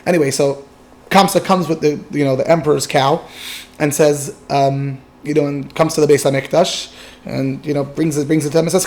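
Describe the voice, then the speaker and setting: A man's voice: fairly high pitch, fairly even intonation, moderate pace, darkish tone. A man teaching by retelling a Talmudic story in a casual way, with frequent fillers and restarts. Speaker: Torah teacher.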